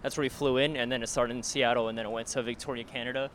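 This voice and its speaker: A young man talks quickly and loosely, circling back and restarting his sentences. He is outside on a city street with faint traffic behind him, chatting casually with friends. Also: medium pitch, steady tone, a bit bright. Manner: rambling, restarts often. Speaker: stand-up comedian. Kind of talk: casual chat while walking.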